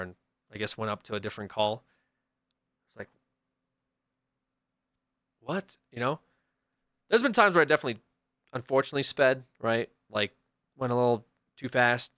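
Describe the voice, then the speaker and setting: In an easygoing, middle-pitched voice, a young man on a stream recounts a story to his chat, repeatedly breaking into animated impressions of the people he quotes. The sound is dry, close, and free of echo.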